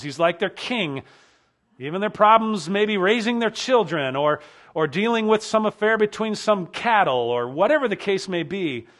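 A male pastor preaching a sermon earnestly, often dropping low and quiet to stress a point.

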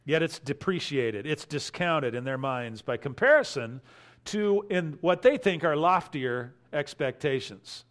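A man preaching an expository sermon, animated, acting out the voices of the crowd and of scripture. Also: on the high side, a little slow. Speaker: pastor.

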